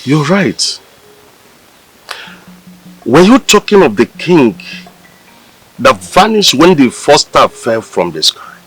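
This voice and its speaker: A worried village elder in a Nigerian film drama. His voice is bright yet husky, and he speaks slowly with wide, lively swings in pitch. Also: faint music behind, full character voice, rough recording. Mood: grave. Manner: exclaiming, anxious, dramatic.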